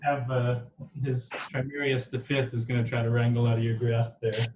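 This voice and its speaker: A man's voice: mid-range voice, monotone, moderate pace, recorded from a distance, highs cut off, very noisy. A man narrating a tabletop game as game master, casual and loose with fillers.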